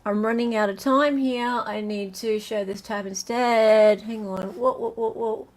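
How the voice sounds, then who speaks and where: Slow chatty Australian woman host. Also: medium pitch, steady tone. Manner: chatty and scattered, reads quiz questions twice in a sing-song list. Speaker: livestream host. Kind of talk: casual livestream chat with quiz.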